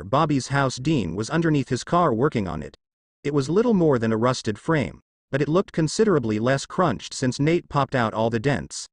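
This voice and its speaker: Guy reading fanfic out loud, steady, lively pitch, dry close sound. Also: dry recording. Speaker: narrator. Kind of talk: fan fiction reading.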